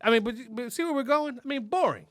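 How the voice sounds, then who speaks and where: A man hosting a podcast, rambling and joking in animated, profane casual chat. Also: very high-pitched, quick pace, dry recording, studio quality. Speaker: podcast host.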